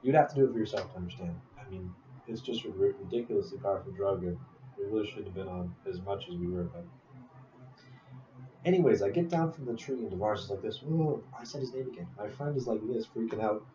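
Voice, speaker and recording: A young man with a low voice tells a personal story in a loose, rambling way, stopping for asides. He sounds a bit off from the mic, in a roomy space with an echo. The recording is dull and has steady noise behind it. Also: fast, recorded from a distance. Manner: rambling, full of fillers and asides. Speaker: speaker telling a personal story. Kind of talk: casual storytelling speech.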